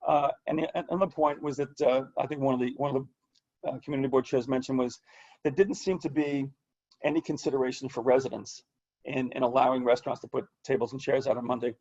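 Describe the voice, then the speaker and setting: Hoarse man reporting over a dull call. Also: mid-range voice, steady tone, a little mellow. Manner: halting, many restarts and fillers. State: losing his voice. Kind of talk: meeting report on a video call.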